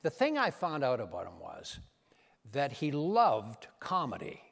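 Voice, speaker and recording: An older man, a comedian and impressionist, telling anecdotes on stage with an animated, punchline-driven delivery. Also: mid-range voice, a little slow, creaky, in a large hall. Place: event stage in a large hall.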